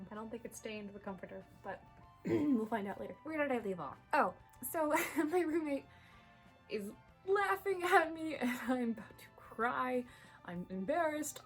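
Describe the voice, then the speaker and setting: A young woman telling a funny story to camera in a casual vlog, animated and laughing between lines. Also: a little high. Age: young adult. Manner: animated, laughs through the story, chatty asides. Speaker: vlogger. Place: bedroom at home. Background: soft background music.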